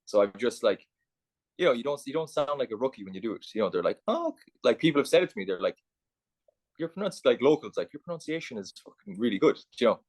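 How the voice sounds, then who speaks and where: A man's voice: medium pitch, expressive, a little mellow, dry recording. An Irish man chatting as a podcast guest, rambling and full of "like". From Ireland. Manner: rapid, rambling, peppered with "like". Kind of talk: casual podcast chat.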